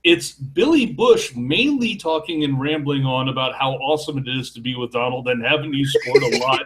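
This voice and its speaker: A man's voice: mid-range voice, animated, moderate pace, noisy background. A man co-hosting a casual podcast chat, speaking in a wry, sarcastic way. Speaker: podcast co-host.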